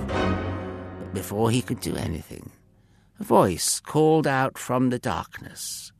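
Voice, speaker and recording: A male storyteller tells a children's Bible story at a slow, unhurried pace. His voice is gravelly and his pitch moves a lot as he narrates. The sound is dry and close, with faint music underneath. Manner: expressive, addresses the listener directly.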